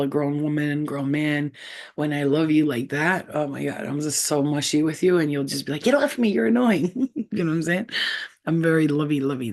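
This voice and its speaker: A woman hosting a casual live stream from home, talking in a rambling, profane and giggly way. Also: low-pitched. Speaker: channel host.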